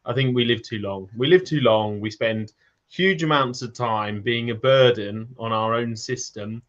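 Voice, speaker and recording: A man's voice: mid-range voice, unhurried, a bit bright. A man co-hosting a loose conversation, rambling through his points with jokey asides and the odd swear. His voice sits in a middling range. The audio is slightly dull and lo-fi. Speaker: podcast co-host. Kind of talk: casual chat.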